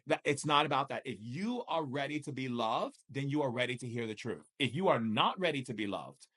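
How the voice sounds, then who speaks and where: A man's voice: mid-range voice, a little fast. Emphatic man giving spiritual guidance. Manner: emphatic, repetitive rhetorical questions, lively swings in delivery. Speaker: shamanic spiritual teacher. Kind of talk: live spiritual coaching session.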